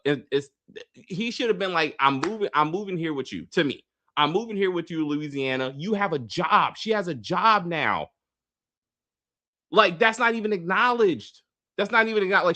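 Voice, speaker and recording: A man's voice: high-pitched, sharp tone. A man co-hosting a casual movie review chat, emphatic and exasperated, stressing his points with repeated no's.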